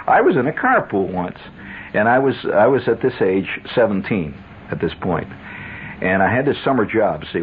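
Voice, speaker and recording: A man hosting a radio show, telling stories in a wry, sardonic monologue with chuckling asides. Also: mid-range voice. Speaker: radio host. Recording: tinny old radio broadcast with faint hiss.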